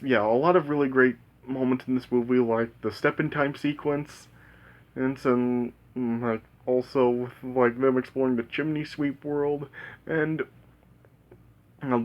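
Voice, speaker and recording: A man's voice: medium pitch, dull audio. A man casually reviewing a movie, rambling with lots of fillers and restarts, enthusiastic and laughing often.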